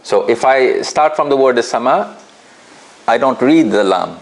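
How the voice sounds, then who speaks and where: A man's voice: mid-range voice, animated, measured pace, gravelly. A man teaching a tajweed class in an office, patient and laughing often as he asks the students questions. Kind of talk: classroom lesson.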